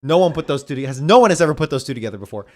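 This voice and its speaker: A man's voice: a little high, expressive, very fast, a little mellow. A man co-hosting a movie podcast, chatting in a laid-back way, laughing easily and calling his friend dude. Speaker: podcast co-host. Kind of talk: casual movie review chat.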